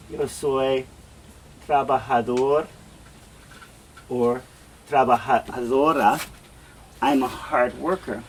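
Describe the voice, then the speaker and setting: A man teaching a beginner language lesson in a classroom, patiently repeating example phrases slowly. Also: medium pitch, steady tone, a little hiss or hum. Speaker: Spanish teacher.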